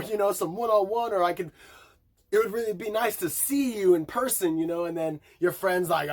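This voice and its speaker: A man's voice: high-pitched, normal speed. A man chatting casually through an album review, rambling and profane, often laughing and singing along to lyrics. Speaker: music reviewer.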